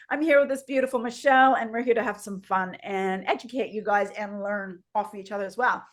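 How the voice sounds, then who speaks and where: A woman whose first language is French, co-hosting a podcast in chatty, rambling, upbeat casual talk over a video call. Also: on the high side. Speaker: podcast co-host. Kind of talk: casual chat.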